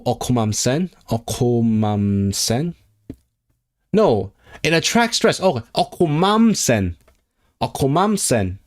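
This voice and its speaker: A man streaming himself as he studies a language, drilling phrases aloud in a halting, repetitive self-talk. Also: medium pitch. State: sore throat. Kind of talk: casual livestream study session.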